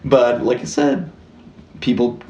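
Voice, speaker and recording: A man's voice: medium pitch, steady tone, slow pace, dark tone, lo-fi sound. Casual rambling man in an echoey room. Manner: rambling, lots of "like" and restarts, swears casually. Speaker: podcast co-host. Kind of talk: casual chat, true-crime storytelling.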